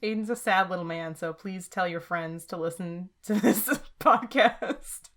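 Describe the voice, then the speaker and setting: A woman's voice: lowish voice, unhurried. A woman co-hosting a podcast who teases her co-host and giggles in casual chat. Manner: giggly, teasing.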